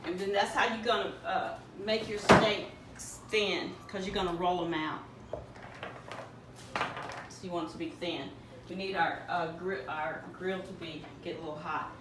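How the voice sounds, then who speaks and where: Woman, home-cook tutorial host, plain homey instructions; roomy distant camera sound with steady background noise. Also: lowish voice, measured pace. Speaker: home cook demonstrating a recipe. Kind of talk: casual cooking tutorial. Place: home kitchen. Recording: echoey kitchen from a distant mic with background noise.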